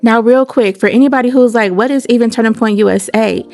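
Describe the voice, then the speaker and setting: A woman's voice: a little high, fast, darkish tone, faint music behind. A woman hosting a casual commentary video in a chatty, slangy way. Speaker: YouTube commentary host.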